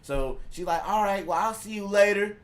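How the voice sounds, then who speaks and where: A man's voice: high voice, normal speed. A man telling a profane story on a live stream, acting out the quotes. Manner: animated, acts out quotes, profane. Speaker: guest storyteller.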